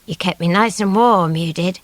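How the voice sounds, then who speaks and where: A woman voicing a calm, weary man on the run, speaking low and unhurried, at times almost whispering. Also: no echo, lightly acted.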